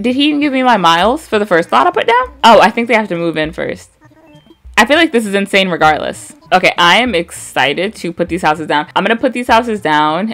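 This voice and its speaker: A young woman from the American Midwest, chatting casually with vocal fry and wry asides while she plays a game. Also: medium pitch, a bit bright. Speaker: gaming YouTuber.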